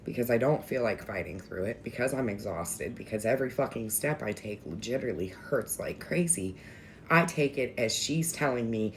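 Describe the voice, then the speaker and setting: A woman's voice: rumbling low, animated, normal speed, slight background noise. A young adult woman telling a story in a casual vlog, candid and emotional, venting with some swearing. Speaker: vlogger.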